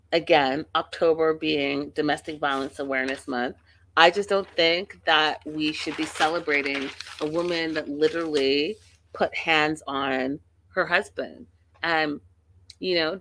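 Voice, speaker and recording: A woman's voice: sits low, bright, forceful tone, no echo. A woman hosting a casual reality TV recap, talking bluntly and emphatically with plenty of profanity. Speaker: show host.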